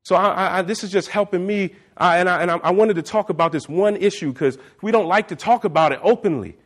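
A preacher whose voice sits very high for a man. He drives his sermon with fervent, rising passion and builds to shouts. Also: fast talker. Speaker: pastor.

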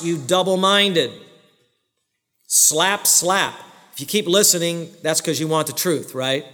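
A man with a fairly high voice preaches with emphasis, throwing questions at his congregation and answering them himself. His sermon rings through the long reverb of a large church hall. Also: fairly bright tone. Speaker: pastor.

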